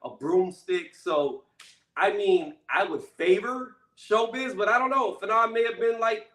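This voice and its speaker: A man with a high, tense, bright voice delivers a blunt commentary rant, pressing each point and tagging it with "okay?" or "right?". The sound is roomy and echoing, with the mic set back from him. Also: measured pace. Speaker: channel host. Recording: echoey room, mic at a distance.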